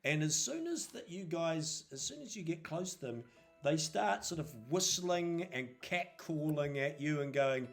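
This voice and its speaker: A man narrating a tabletop role-playing game as game master, pausing often with fillers. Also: on the high side, animated, creaky, soft background music. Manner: hesitant, many fillers.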